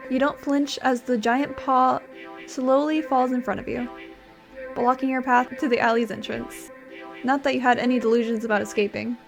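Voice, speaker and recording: High-voiced young woman with vocal fry. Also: flat delivery, moderate pace, over music. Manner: reads narration dramatically, then chats with hesitant fillers. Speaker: game streamer. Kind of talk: let's play, reading game text aloud.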